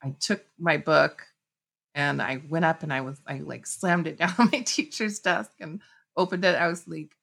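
A middle-aged woman telling personal stories in conversation, lively, acting out what people said. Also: low-pitched, moderate pace, vocal fry. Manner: animated, acts out quoted speech. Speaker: guest author. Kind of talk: conversational storytelling.

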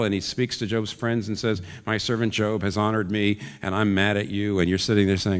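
A man's voice: lowish voice, steady tone, brisk, few pauses, a bit bright, a little hiss or hum. A man preaching a sermon in an earnest way, his voice climbing into urgent questions. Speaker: pastor. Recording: long reverb of a large hall.

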